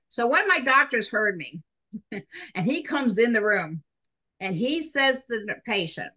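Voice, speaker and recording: Middle-aged woman, nursing instructor, lively storytelling lecture to students. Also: on the high side, unhurried, muffled recording. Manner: chatty and animated, addresses students directly. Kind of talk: recorded classroom lecture.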